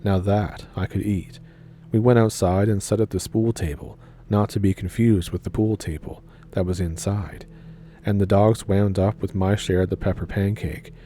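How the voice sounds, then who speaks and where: A man with a low, very dark, mellow voice reads a listener's tale in a dry, deadpan way. A faint hiss sits under the recording. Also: moderate pace. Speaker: story narrator. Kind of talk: reading a viewer story aloud.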